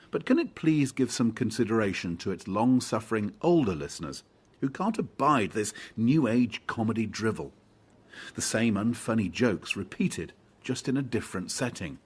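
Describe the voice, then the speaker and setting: A man's voice: on the low side, a little mellow, slightly rough. A man reading a listener's letter aloud on radio, in an indignant tone.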